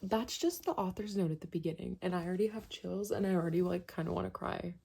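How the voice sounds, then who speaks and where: A young woman talks through her book haul in a relaxed vlog, her voice low and mellow. She keeps it soft, slipping into whispers and filling pauses with little filler words. A gravelly fry runs under much of her speech. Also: rough recording. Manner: soft-spoken, often drops to a whisper, filler-heavy. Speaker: book vlogger. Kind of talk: casual reading vlog chat.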